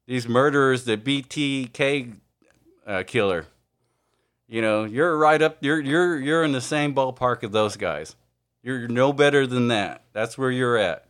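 A man giving an informal, earnest sermon, halting often with fillers and restarts. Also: medium pitch, fairly bright tone. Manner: earnest, confessional. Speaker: preacher.

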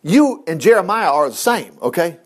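A man gives a casual, folksy sermon. He reads scripture aloud and breaks in with his own comments. His voice sits high and swoops widely as he talks. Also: big pitch swings, moderate pace. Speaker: preacher.

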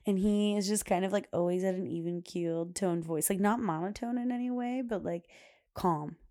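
A woman's voice: medium pitch, moderate pace, dark tone. A young adult woman hosting a podcast, talking casually and chattily with lots of fillers and frequent laughs. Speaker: podcast host. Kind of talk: casual solo podcast talk.

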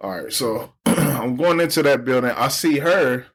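A man's voice: medium pitch, moderate pace, husky. A young man casually telling a long story on a podcast, slangy, acting out what people said. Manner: animated storyteller, slangy, acts out quoted people. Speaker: podcast co-host.

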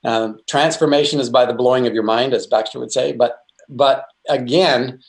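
A man's voice: mid-range voice, fairly even intonation, normal speed, gravelly. A middle-aged man teaching about faith in an earnest, conversational way, full of restarts and asides. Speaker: Christian speaker.

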